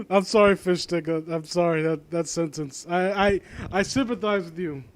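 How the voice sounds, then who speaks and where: A young man reads a story out loud in a casual way, then keeps stopping to make sarcastic jokes about it. His voice sits fairly high and he often trails off. He sounds like he is just chatting to an audience. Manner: rambling, sarcastic asides, trails off. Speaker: commentator reading and mocking fan fiction. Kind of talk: casual reading and commentary.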